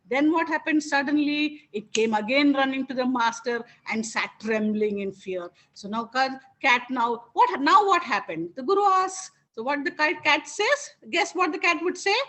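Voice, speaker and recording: A woman teacher narrates a moral fable to her students. Her voice sits high, and she keeps pausing to ask the class questions. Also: a bit bright, rough recording. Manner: interactive, asks the listeners many questions. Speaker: spiritual teacher. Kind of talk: storytelling to a class.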